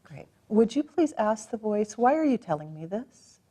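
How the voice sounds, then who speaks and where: A woman practitioner gently coaching a client through a tapping session, encouraging and calm. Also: mid-range voice, moderate pace, breathy edge.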